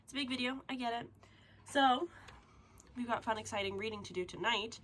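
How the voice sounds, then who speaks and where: A young woman with a slightly high voice talks casually to the camera, gushing and excitable. She laughs often and sounds tearful after a good cry. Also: brisk, slight background noise. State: tearful, having just cried. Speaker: book vlogger. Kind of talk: casual reading vlog chat.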